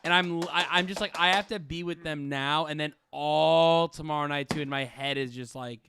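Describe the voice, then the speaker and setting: A man's voice: fairly high pitch, fairly even intonation, normal speed, bright, forceful tone, a little hiss or hum. A young man co-hosting a podcast, playfully needling his friends and stammering as he talks. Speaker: podcast co-host. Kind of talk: teasing casual chat.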